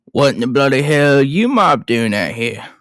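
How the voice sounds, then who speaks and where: A man voicing a rough-edged middle-aged Australian bushman, attempting an Australian accent and chuckling through folksy slang. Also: medium pitch, very animated, normal speed, a bit bright, no echo, clean studio sound. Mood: jovial.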